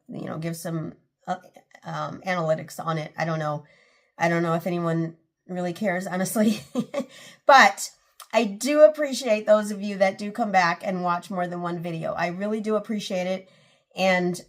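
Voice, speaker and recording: Earnest rambling woman, casual vlog. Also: mid-range voice. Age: 40s. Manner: rambling, earnest, self-interrupting with restarts. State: emotional, close to tears. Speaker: channel host.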